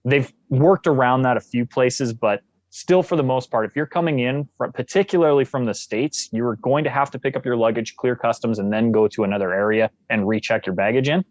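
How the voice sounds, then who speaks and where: A man's voice: mid-range voice, brisk, hardly any pauses, a little mellow, dry recording, muffled recording. A jovial man from Canada talks as a podcast guest, full of enthusiasm and storytelling energy. His voice sits mid-range, and the recording is dry and close. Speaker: guest, actor. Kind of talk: casual podcast interview.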